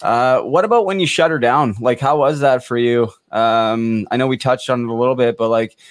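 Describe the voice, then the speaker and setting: A man's voice: mid-range voice, moderate pace, dry recording. Casual male podcast host. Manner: loose, rambling questions with fillers. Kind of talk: casual interview.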